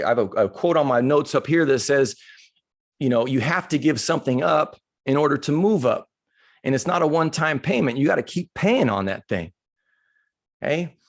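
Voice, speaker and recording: A man's voice: mid-range voice, no echo, clean studio sound. A man giving a motivational talk, telling personal stories in a casual, candid and humorous way. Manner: casual, conversational, acts out dialogue in stories. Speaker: motivational speaker.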